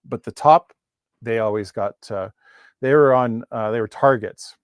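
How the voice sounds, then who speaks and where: A man teaching a live online literature class in a casual, chatty way, often correcting himself and reading verse slowly to stress its rhythm. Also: mid-range voice, smooth, no echo, studio quality.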